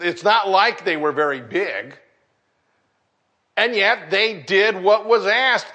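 A middle-aged man preaching a sermon, animated and acting out the voices of the people in his story. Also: high voice. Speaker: pastor.

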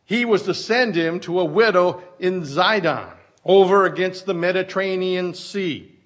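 A man preaching a sermon, reading scripture and putting folksy rhetorical questions to his listeners. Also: high voice. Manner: reads scripture in a slow, emphatic cadence. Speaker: pastor.

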